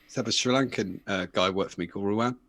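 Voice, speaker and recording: A man's voice: fairly low pitch, quick pace, fairly bright tone, dry recording. Rambling Northern English man telling stories. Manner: rambling storyteller, puts on voices in anecdotes, frequent restarts. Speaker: podcast co-host. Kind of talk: casual chat.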